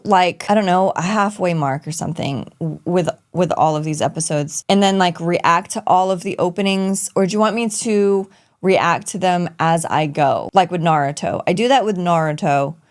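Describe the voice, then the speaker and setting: A woman hosting an anime reaction video, talking casually and excitedly to her viewers and drifting into chatty asides. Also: on the low side. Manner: bubbly and chatty, trailing into asides. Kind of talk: casual chat to camera.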